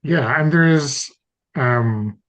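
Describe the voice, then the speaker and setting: A man running a tabletop game as game master, describing the scene slowly and hesitantly with many fillers. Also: mid-range voice, a bit bright. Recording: dull lo-fi audio.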